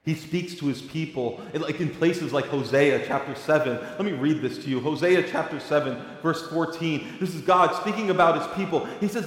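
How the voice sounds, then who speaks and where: A male pastor delivering a sermon, moving between quiet, reflective passages and loud, emphatic preaching. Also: medium pitch, normal speed. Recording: echoey hall with long reverb.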